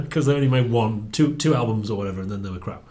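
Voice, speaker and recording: Chatty man, quick to laugh. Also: lowish voice, dark tone, a little hiss or hum. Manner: chatty, laughs often, repeats words while thinking. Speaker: book review co-host. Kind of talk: casual chat.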